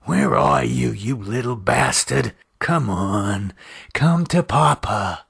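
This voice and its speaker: A man voicing a panicky, crude middle-aged husband in an audio horror story, shouting and swearing frantically. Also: mid-range voice, very animated, takes it slowly, creaky, breathy edge, no echo, studio quality, full character voice. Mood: gruff.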